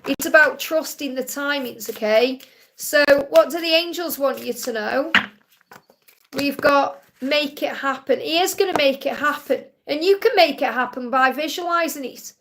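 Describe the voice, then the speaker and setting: A woman's voice: high-pitched, moderate pace, a bit bright. A woman hosting a live card-reading Q&A, chatty and soothing, often checking in with "okay?". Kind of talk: live-stream tarot reading.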